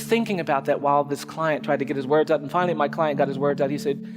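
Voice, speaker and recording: A lawyer telling a personal story in a public speech, with measured, repetitive rhythmic phrasing. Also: male voice, on the high side. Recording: echoey hall with faint music.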